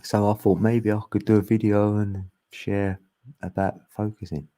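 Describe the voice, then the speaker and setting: A man's voice: fairly low pitch, little pitch movement, normal speed, dark tone. A man, chatting casually as a channel host, laid-back and laughing often. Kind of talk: casual chat.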